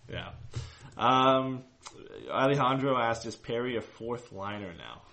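A man's voice: mid-range voice, animated, measured pace, a crowd in the background. A man co-hosting a casual fan podcast, talking in loose rambling sentences full of restarts. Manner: rambling, many restarts and fillers. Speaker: co-host of a hockey fan show.

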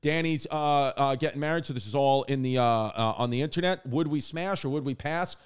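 A man's voice: medium pitch, fairly quick, clear, resonant tone. A man in his thirties hosting a comedy podcast, laughing often and swearing freely in casual chat. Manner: laughs often, loose and profane. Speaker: podcast host.

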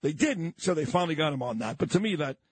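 A combative man with a New York accent runs a morning radio talk show, hammering his points again and again. His voice sits fairly high and swings widely in pitch, with a husky edge. The studio sound is close and dry. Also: expressive, fast, dry recording. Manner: combative, indignant, repetitive. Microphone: studio microphone.

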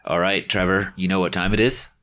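A man hosting a podcast, speaking in a deliberate, measured way. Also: sits low, flat delivery, a bit bright. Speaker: podcast host. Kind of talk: casual podcast chat.

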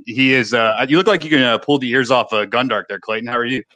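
A man hosts a podcast in rapid, upbeat chat. His voice is bright and forward as he eagerly introduces the show and his guest. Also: medium pitch, dry recording. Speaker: podcast host.

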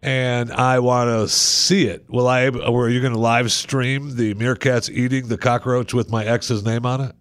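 A man's voice: mid-range voice, level tone, moderate pace, few pauses, no room sound, clean studio sound. A man hosting a radio talk show, chatting casually and jokingly and often repeating himself.

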